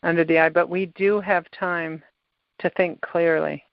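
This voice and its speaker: A woman hosting a podcast, calmly guiding a client through a tapping session step by step. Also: lowish voice, unhurried, no room sound. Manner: calm, coaching, gives step-by-step prompts. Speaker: tapping practitioner and podcast host. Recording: dull, lo-fi sound.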